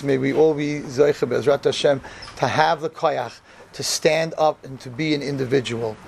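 A man's voice: on the high side, creaky, slight background noise. A man, a rabbi, giving a humorous storytelling sermon to a room of yeshiva students and acting out the dialogue with animation. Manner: animated, acts out quoted dialogue. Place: room in front of an audience of students.

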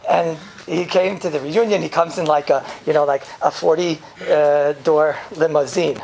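A man teaches an informal class, piling up rhetorical questions and chuckling at his own jokes. His voice has a gravelly, creaky edge. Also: on the high side, steady tone, normal speed, a little mellow. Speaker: yeshiva teacher giving a class.

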